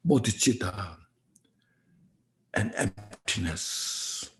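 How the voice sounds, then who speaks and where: Guy giving a dharma talk real slow, gravelly creaky voice, keeps saying you see. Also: lowish voice, lively intonation. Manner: unhurried, reflective, often adds "you see" and "you know". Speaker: Buddhist teacher.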